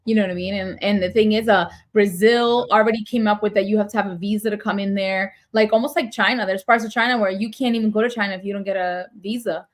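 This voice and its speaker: A woman's voice: mid-range voice, steady tone, fast, few pauses. A woman co-hosting a casual talk podcast, chatty and prone to sarcastic asides. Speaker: podcast co-host. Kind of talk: casual chat.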